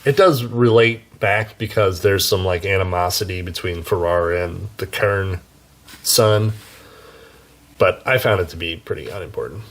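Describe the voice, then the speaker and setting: A man's voice: sits low, normal speed. A man reviewing books in a casual, chatty way, with wry asides and frequent self-corrections. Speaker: book reviewer. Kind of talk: casual book review talk.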